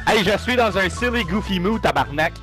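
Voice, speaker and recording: A man's voice: high-pitched, lively intonation, brisk, a bit bright, soft background music. A man with a Québécois French accent in game voice chat, trash talking in a rowdy sing-song way.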